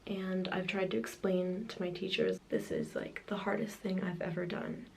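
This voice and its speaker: A woman's voice: lowish voice, big pitch swings, normal speed, creaky, a little mellow, a little hiss or hum. A young woman in her late teens, talking through a casual video diary in a rambling way, full of "like" and "um". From Canada. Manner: rambling, filler-heavy, frequent "like" and "um". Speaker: vlogger.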